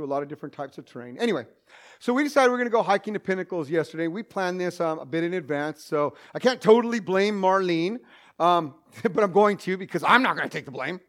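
A man telling a humorous personal story to an audience, self-mocking and full of joking asides. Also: sits high.

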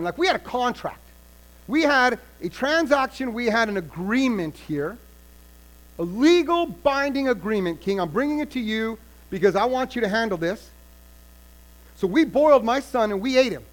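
A man's voice: extremely high pitch, pitched above the performer's own voice. A man voicing a desperate woman who indignantly demands that a king enforce her bargain.

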